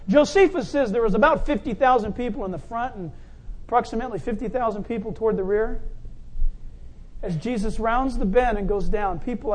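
A man preaching a sermon, animated, acting out the crowd's shouts and stepping in and out of the voices of the scene. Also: high-pitched. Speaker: pastor.

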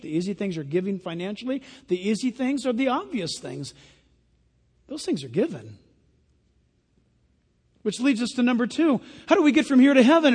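A man's voice: very high voice, darkish tone, breathy edge. A male pastor preaching a sermon in a church, earnest and emphatic, putting direct questions to the congregation. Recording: long hall reverb.

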